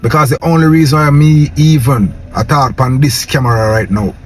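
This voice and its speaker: A man's voice: mid-range voice, normal speed, faint music behind. A young Jamaican man with a Patois accent, ranting to camera in a casual vlog and tagging his lines with "yo" and "man". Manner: impassioned, preachy, repeats "yo" and "man". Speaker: vlogger.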